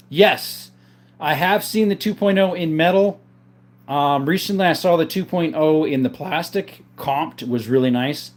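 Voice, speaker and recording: A man hosting a casual livestream, reading viewers' chat names aloud and answering them in a relaxed, easygoing way. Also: fairly high pitch, measured pace, slight background noise. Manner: calls viewers brother. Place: home, in front of a counter.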